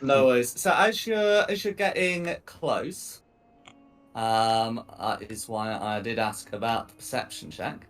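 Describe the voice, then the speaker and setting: A man narrating a tabletop game as game master, often pausing and restarting his sentences. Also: medium pitch, fairly bright tone. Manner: hesitant, many ums and restarts.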